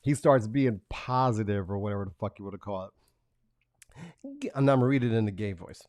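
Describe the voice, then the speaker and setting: A man hosts a live stream, chatting casually and reading messages aloud in a profane, mocking manner, laughing between lines. His voice is lowish and darkish and his delivery brisk, in a dry recording with clean studio sound.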